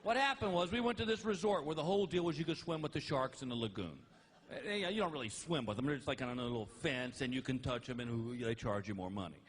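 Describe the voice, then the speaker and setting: A man doing stand-up comedy, telling a story in an animated, exaggerated way, with sudden shouts and put-on voices. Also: mid-range voice, fast talker. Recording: noisy live stand-up album recording.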